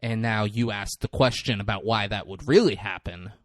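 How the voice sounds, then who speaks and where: A man with a slightly low voice chats casually on a podcast, retelling a movie's plot. He swears freely and jumps into the characters' lines. The sound is dry and close, with no room around it. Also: normal speed, no echo. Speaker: podcast co-host. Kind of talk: casual chat recapping a movie.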